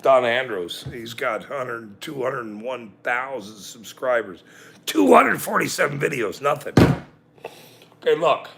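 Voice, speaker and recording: A man's voice: medium pitch, lively intonation, measured pace, creaky, noisy background. A middle-aged man hosting a livestream, ranting sarcastically and swearing freely as he talks to his chat. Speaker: livestream host.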